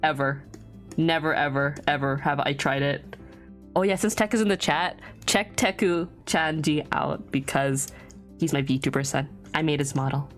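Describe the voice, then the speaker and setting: A woman's voice: deep voice, normal speed, soft background music. Chatty young woman streamer rambling aloud. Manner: chatty, rambling, thinks aloud, laughs often. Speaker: VTuber streamer. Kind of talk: casual livestream chat.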